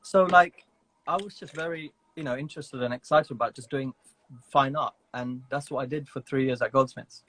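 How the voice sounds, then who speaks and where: A man's voice: medium pitch, normal speed, fairly bright tone. A man as a guest in a casual interview over a video call, talking in a reflective way with many "you know" and "sort of" fillers.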